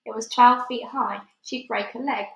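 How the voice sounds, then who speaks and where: A woman reading a children's book aloud in a steady, expressive way with small slips. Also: on the high side, normal speed, dull audio. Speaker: reader. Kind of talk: storybook read-aloud. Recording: echoey room.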